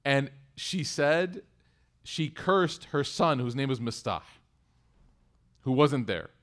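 Animated male storyteller, mid pitch. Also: slow pace. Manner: animated storyteller, swings between loud emphasis and hushed asides. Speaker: community religious speaker. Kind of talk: storytelling talk to a congregation.

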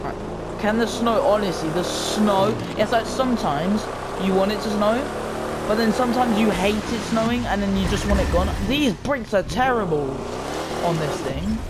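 A young man who makes gaming videos speaks in a high voice at a moderate pace, casually rambling about his gameplay from his chair at home. Slang and asides to his viewers abound, and the very noisy recording carries loud game music.

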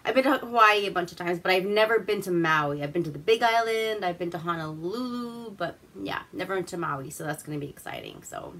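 A woman's voice: on the low side, sing-song, a little fast, hardly any pauses, fairly bright tone. A woman from Alaska hosting a casual movie review, rambling through the plot with crude, swearing humor.

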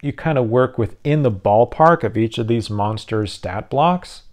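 A man speaks at a measured pace in a medium-pitched voice, hosting his own YouTube channel. Tired and yawning, he rambles casually through tabletop game rules with frequent restarts.

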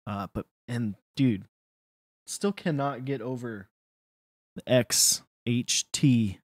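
Relaxed man on a dry mic. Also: medium pitch, takes it slowly, no echo. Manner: relaxed, lots of "dude" and fillers. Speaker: co-host. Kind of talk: casual chat on a livestream.

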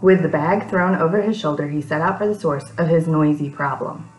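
A woman's voice: deep voice, a little fast, a little mellow, roomy sound, faint music behind, poor audio. A woman reading a picture book aloud to young children, breaking off for chatty asides to them.

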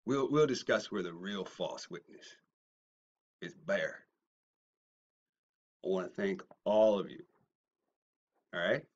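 A man ranting at critics in a response video, mocking and swinging from low muttering to loud shouting. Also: expressive, slow pace, long pauses, dull audio. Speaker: YouTuber. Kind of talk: confrontational response video rant.

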